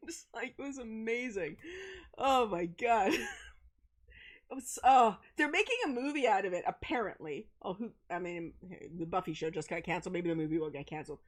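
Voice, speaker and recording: Woman, middle-aged, casual livestream chat, laughs a lot, curses freely, animated storytelling. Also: medium pitch, moderate pace.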